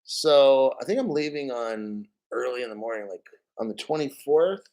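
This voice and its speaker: A man's voice: mid-range voice, expressive, moderate pace, darkish tone, low-quality recording. A man hosting a casual crypto stream, rambling bluntly and swearing freely. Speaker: crypto show host. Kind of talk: casual live-stream rant.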